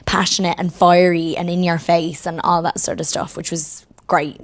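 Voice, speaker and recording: Thoughtful Dublin-accented woman, lowish voice. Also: little pitch movement, moderate pace. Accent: Dublin Irish. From Ireland. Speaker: actress, interview guest. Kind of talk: casual interview chat.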